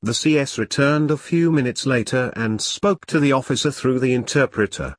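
A man's voice: mid-range voice, no room sound. Man reading a war novel audiobook. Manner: steady, measured reading. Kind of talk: scripted audiobook narration. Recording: dry close studio sound.

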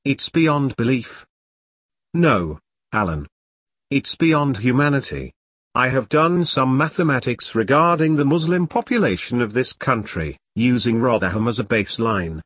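A man's voice: mid-range voice, animated, unhurried, a bit bright, slightly rough, no room sound. A man voicing a bitter, blunt middle-aged woman who was once an agent, in an audiobook. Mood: angry. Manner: blunt, furious.

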